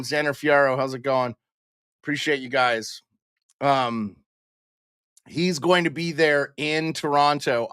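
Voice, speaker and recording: A man's voice: a little high, fairly bright tone, smooth, dry recording, clean studio sound. Chatty man hosting a live stream. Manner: chatty, greets viewers by name. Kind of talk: casual pre-game live stream chat.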